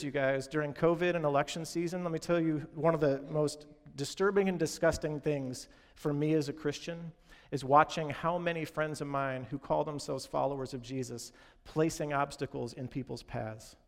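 A pastor with a fairly high voice preaches a sermon in a large hall, speaking earnestly and directly to his congregation and calling them "you guys."

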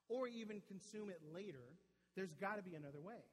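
A pastor with a high-pitched voice preaches at a moderate pace to a live audience in a large church hall, and the recording quality is low. His sermon is casual and conversational; he often tags sentences with "right?" and repeats words when he restarts them.

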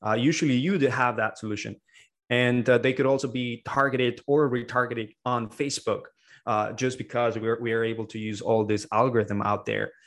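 A man's voice: mid-range voice, fairly even intonation, normal speed, fairly bright tone. A man as a podcast guest, explaining in an earnest, casual way. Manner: earnest, explains with many fillers and restarts. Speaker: podcast guest, agency owner. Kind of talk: casual interview talk.

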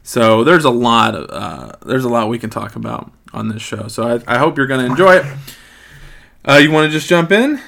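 A man's voice: medium pitch, expressive, normal speed, gravelly, a bit bright. A man in his late thirties hosting a casual podcast chat, joking and rambling with frequent ums. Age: 30s. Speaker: podcast host.

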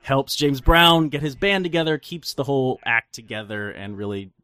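A man's voice: mid-range voice, normal speed, pushed and bright, clear, resonant tone, no room sound. A man co-hosting a film podcast, rambling and joking, often laughing as he talks. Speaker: podcast co-host. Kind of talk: casual chat.

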